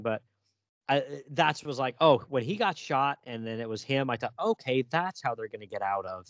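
A man co-hosting a casual comic book podcast, retelling scenes in a relaxed way with hesitant fillers. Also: medium pitch, moderate pace, dry recording, dull audio. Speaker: podcast co-host.

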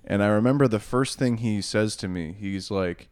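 A man's voice: on the low side, normal speed, hardly any pauses, clean tone, dry recording, clean studio sound. A young man in casual podcast chat, telling a long rambling story with plenty of swearing. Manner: rambling, profane, laughs through his stories. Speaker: podcast co-host.

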